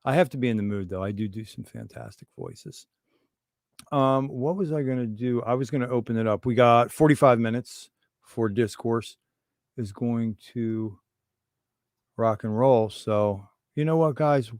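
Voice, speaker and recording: A man's voice: medium pitch, lively intonation, measured pace, a little mellow, dry recording, clean studio sound. Irreverent rambling livestream host, man. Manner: rambling, irreverent, conspiratorial banter. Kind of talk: casual livestream chat.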